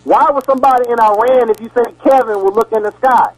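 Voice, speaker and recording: Man with a really high voice preaching on the radio, rambles and repeats himself, keeps asking the listeners questions. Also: steady tone, fast talker, low-quality recording. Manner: rambling, repeats words and restarts; asks the audience questions. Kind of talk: sermon-style lecture. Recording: radio broadcast.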